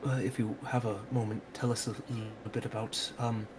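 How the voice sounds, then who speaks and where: Hesitant low-voiced man with noisy audio. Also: level tone, moderate pace. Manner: hesitant, polite, full of fillers. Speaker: player. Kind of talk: in-character tabletop role-play.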